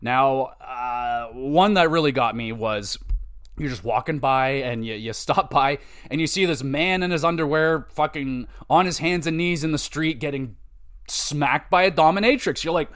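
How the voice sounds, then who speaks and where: A man's voice: on the high side, normal speed, smooth. A man hosting a podcast, rambling casually and swearing as he retells game stories. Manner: rambling, profane, animated retelling with quoted voices. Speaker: podcast host. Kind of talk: casual game-review chat.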